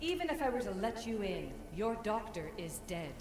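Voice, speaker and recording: An actress playing a stern, cautious woman in a video game cutscene, speaking in a measured, disapproving way. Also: medium pitch, very animated, close to an everyday voice. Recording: echoey game audio with ambient noise.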